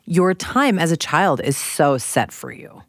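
A woman's voice: low voice, big pitch swings, measured pace, dry recording, clean studio sound. A middle-aged woman chatting as a guest, teasing her sister playfully. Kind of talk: casual chat.

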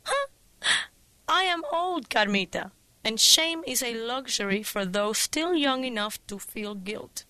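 A woman's voice: on the high side, lively intonation, a little slow. A woman voicing her elderly Cuban mother, bossy and unflappable, speaking with a Cuban Spanish accent in a storytelling narration. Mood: unbothered. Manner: brash, commanding, shouting orders.

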